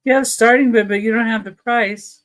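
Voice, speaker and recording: A woman's voice: fairly high pitch, fairly even intonation, normal speed. A woman from Missouri, a friendly guest seller running the bid countdown. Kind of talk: live sale co-host chat.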